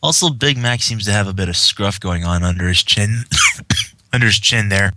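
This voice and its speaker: A man's voice: fairly low pitch, normal speed, pushed and bright, a little hiss or hum. A man co-hosting a casual podcast chat, easygoing and observant. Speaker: podcast co-host.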